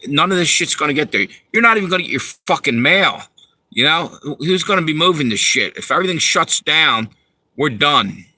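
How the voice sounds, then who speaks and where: Brief: a man hosting a livestream, heated and profane, tense bright tone. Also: mid-range voice, no room sound, rough recording. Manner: profane, heated, talks to viewers. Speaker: livestream host reading chat. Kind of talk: angry ranting livestream.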